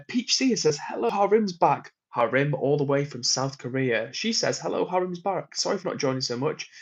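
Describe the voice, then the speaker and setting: On a work trip, a man livestreams casually from his hotel room, reading out viewer comments and laughing often. His voice sits a little high, and the sound is lo-fi.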